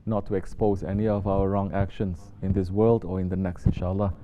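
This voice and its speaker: A sheikh giving a sermon, mostly soft-spoken and rising to sharp emphasis when he scolds. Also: low voice, flat delivery, brisk. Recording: dull lo-fi recording with faint noise.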